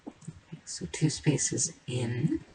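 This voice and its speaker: Slow, gravelly woman rambling while gaming. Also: very deep voice, sing-song, a little hiss or hum, poor audio. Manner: rambling and playful, with sing-song noises and soft murmured asides. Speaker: game streamer. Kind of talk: casual gameplay commentary while building. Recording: keyboard and mouse clicks behind the voice.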